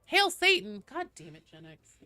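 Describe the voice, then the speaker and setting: A young woman streams a game from her home office with the door closed, chatting casually with viewers, talking to chat and her cat, and reading out the queue. Her voice sits high and is very animated, pushed and bright, at normal speed, with no echo.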